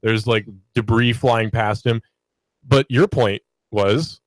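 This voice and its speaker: A young man who reads the radio news chats casually on a podcast. He jokes a lot and is quick to laugh. His voice sits at a middle pitch, and the studio sound is dry and close. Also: fairly even intonation, dry recording, poor audio. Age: young adult. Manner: joking, playful, laughs often. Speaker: radio newscaster and co-host. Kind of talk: casual chat.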